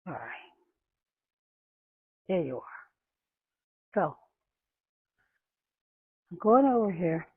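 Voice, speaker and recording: A woman chats on camera out in her garden, rambling and restarting her sentences as she works. She talks slowly in a husky voice. The sound is thin and phone-like, with no room echo. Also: fairly low pitch, sing-song. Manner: chatty, rambling, with many restarts. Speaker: gardening vlogger. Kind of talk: casual gardening vlog. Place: outdoors in a garden. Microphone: camera microphone.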